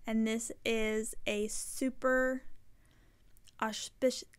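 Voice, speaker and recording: A woman's voice: fairly high pitch, flat delivery, takes it slowly, clean tone. A woman hosting a knitting podcast, talking casually and rambling, often correcting herself mid-sentence. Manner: rambling, self-correcting, chatty. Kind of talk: casual chat to camera.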